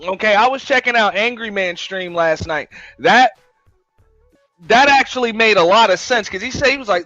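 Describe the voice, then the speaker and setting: A man's voice: high-pitched, normal speed, pushed and bright, dry recording, soft background music. A man hosting a show, giving a blunt, profane, emphatic rant in casual talk. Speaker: host. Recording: dull lo-fi, dry sound.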